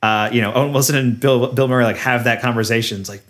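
A man talking through a movie plot in relaxed podcast chat. His voice sits at an ordinary middle pitch. He laughs often and leans on fillers as he goes. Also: fast talker. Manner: laughing, recapping a film with lots of fillers. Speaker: podcast co-host. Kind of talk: casual chat.

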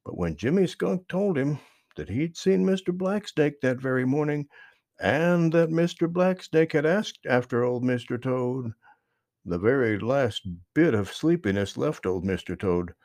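A man narrating a children's book aloud, with expressive storytelling and lively emphasis. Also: medium pitch, a little slow, dry recording, studio quality.

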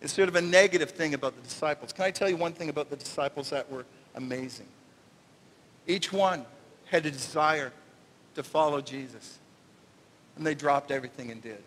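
Casting: male pastor, high voice, animated and joking, sermon in a reverberant church. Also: a little fast, a little hiss or hum. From Canada. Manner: animated, jokey, acts out little voices. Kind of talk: conversational sermon. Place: church sanctuary. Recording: long reverb of a church hall.

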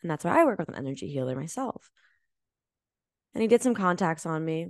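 Woman, lowish voice, podcast host, motivational coaching, earnest and emphatic, casual swearing, dry close sound. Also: big pitch swings, darkish tone, no echo. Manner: earnest, emphatic, swears casually, slows down to stress key words.

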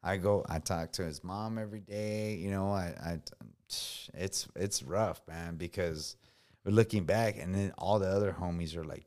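A man's voice: deep voice, moderate pace, darkish tone. A man in his thirties, a veteran guest on a podcast, telling stories in a casual, slangy way, often swearing and saying bro. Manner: slangy, says bro a lot, swears freely.

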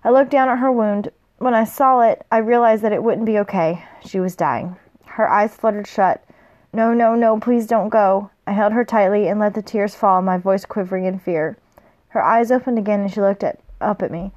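A woman reads a first-person novel aloud in a casual, unpolished way, at a medium pitch. She stumbles on a word now and then and goes back to fix it. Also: normal speed, darkish tone. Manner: plain reading, with slips and self-corrections. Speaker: reader.

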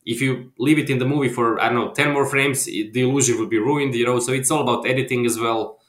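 Man from Croatia, filmmaker guest; hesitant casual chat, mid-pitch voice, reverberant room. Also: steady tone, fast. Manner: hesitant, restarts often, trails off softly.

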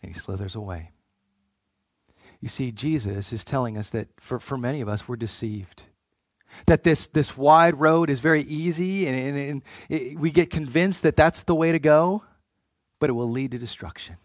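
A man's voice: mid-range voice, normal speed, dry recording, studio quality. A man preaching a sermon in an earnest way, often repeating words as he starts a phrase.

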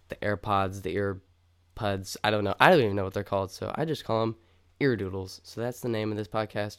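A man's voice: on the low side, smooth. A young man co-hosting a casual podcast, chatty and upbeat, rambling with lots of fillers. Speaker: podcast co-host.

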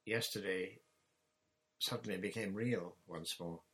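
A man narrating a children's story chapter in a measured, plain reading voice. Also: deep voice, a bit bright, husky, rough recording. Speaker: audiobook narrator.

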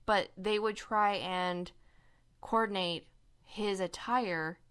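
A woman's voice: medium pitch, steady tone, slow pace, a bit bright, smooth. A young woman hosting a casual podcast chat, explaining a conspiracy story with lots of fillers and laughs. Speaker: podcast co-host.

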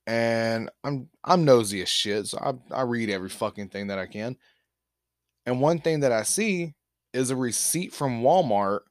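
Young guy on a podcast swearing his way through a story, dry close mic, middle pitch. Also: no echo. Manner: profane, laid-back anecdote telling with quoted dialogue. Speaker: podcast host. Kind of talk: casual storytelling. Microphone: podcast microphone.

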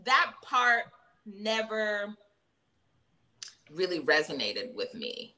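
A woman's voice: mid-range voice, big pitch swings, takes it slowly, sharp tone, poor audio. A woman guest actress in a casual interview, chatty and self-deprecating, full of fillers and quoted asides.

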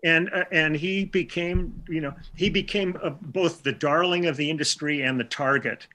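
A man's voice: on the high side, normal speed, bright, forceful tone. An older man from Milwaukee, a session musician being interviewed, telling chatty stories with restarts and quoted dialogue. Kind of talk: casual storytelling interview.

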